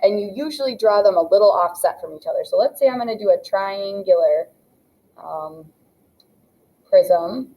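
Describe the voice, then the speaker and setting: A woman's voice: medium pitch, animated, moderate pace, dark tone, low-quality recording. Young adult female math teacher, patient, step-by-step classroom explainer. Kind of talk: classroom lesson narration.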